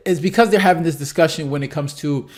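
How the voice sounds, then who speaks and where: Male commentary host, slightly higher voice, loose rambling reaction talk full of fillers. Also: fast. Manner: rambling, many fillers and restarts, keeps asking "right?".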